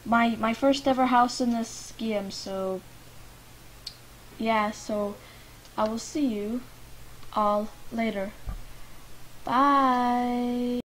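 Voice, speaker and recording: A Lithuanian-accented woman from Lithuania, a gaming YouTuber, chats through life-sim gameplay and talks to the characters, swinging from mumbles to loud protests. Her voice is on the high side with fairly even intonation, drawn-out words and frequent pauses. There's faint game music and a little hiss or hum.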